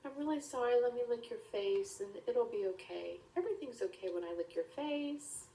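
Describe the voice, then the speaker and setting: A woman's voice: fairly high pitch, animated, moderate pace, warm tone, voice pushed up. A woman voicing an eager male pet dog who pleads and soothes. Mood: apologetic. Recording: roomy, distant mic.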